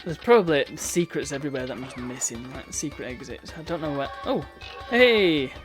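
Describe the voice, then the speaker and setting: A man's voice: medium pitch, expressive, moderate pace, over music. A man giving chatty, wry commentary while streaming a video game. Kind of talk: casual gameplay commentary.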